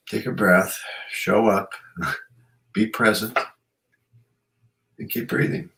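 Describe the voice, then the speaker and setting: A man's voice: fairly low pitch, fairly even intonation, slow pace, creaky, pauses often, sharp tone, low-quality recording. A man hosting a radio show, chatting in a rambling, reflective way with many "you know"s. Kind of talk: casual chat.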